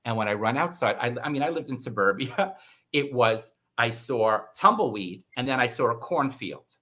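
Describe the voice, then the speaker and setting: A middle-aged man telling a personal story in casual conversation, animated and acting out the voices of the people in it. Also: normal speed. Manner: animated, acts out quoted voices with big pitch jumps. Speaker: guest.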